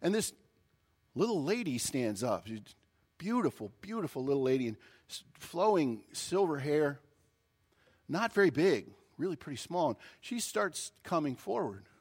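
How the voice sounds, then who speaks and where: A male pastor preaching a sermon, opening with a folksy, animated story. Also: a little high, moderate pace, slightly rough.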